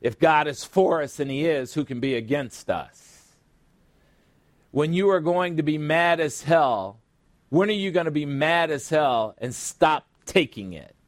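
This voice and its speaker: A man's voice: a little high, animated, measured pace, dry recording. A middle-aged man pastor preaching a sermon, asking rhetorical questions and calling out for an amen.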